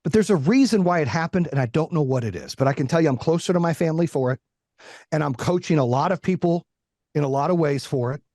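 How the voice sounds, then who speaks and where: A man's voice: fairly high pitch, fast talker, no room sound, studio quality. A middle-aged man talking candidly as a podcast guest, blunt and heavy on swearing. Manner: blunt, profane, animated. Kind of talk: candid interview talk.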